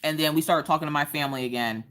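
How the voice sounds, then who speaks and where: A woman, hosting a casual craft livestream chat and telling stories in an animated way. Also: deep voice, rapid-fire. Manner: animated storytelling, acts out quoted voices.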